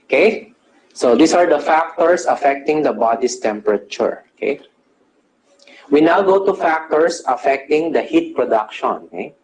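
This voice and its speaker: A man's voice: on the high side, animated, normal speed, a little mellow, poor audio. Male lecturer ending every phrase with "okay?". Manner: checks in with "okay?" after nearly every phrase; quizzes students and answers his own questions. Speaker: nursing lecturer. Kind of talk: classroom lecture.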